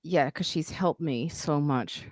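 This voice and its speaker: A woman hosting a podcast livestream, chatting casually and telling animated stories. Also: low-pitched, a little slow, no echo, studio quality. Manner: animated storytelling, acts out quoted people. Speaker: podcast host. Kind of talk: casual chat. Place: home livestream.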